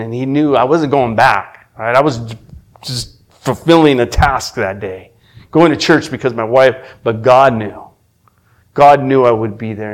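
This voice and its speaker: A middle-aged man telling his personal faith testimony, earnest and emotional, often restarting his sentences and dropping from loud to hushed. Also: medium pitch. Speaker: testimony speaker.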